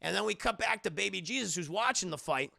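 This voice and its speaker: A man's voice: high voice, lively intonation, fast, gravelly, pushed and bright. A man casually recapping a show episode to a live chat, rambling and swearing often. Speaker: show reviewer.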